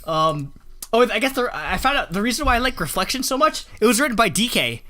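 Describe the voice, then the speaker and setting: A man's voice: sits high, very animated, fast talker, pushed and bright, a little hiss or hum. A man co-hosting a podcast in a casual chat, gushing and chatty, heavy on filler words. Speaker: podcast co-host.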